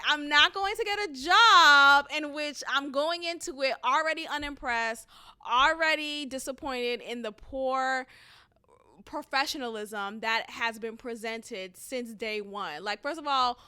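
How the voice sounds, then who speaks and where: A woman telling a story to camera in a casual rant, blunt and animated, swearing freely and laughing between lines. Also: sits high, unhurried, clean tone.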